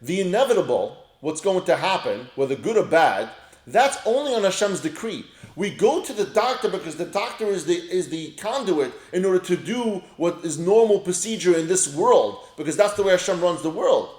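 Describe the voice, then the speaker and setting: A man's voice: high voice, lively intonation, normal speed, darkish tone, echoey room. A man giving a casual Torah lesson, reading Hebrew phrases and explaining them with everyday examples. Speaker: Torah teacher.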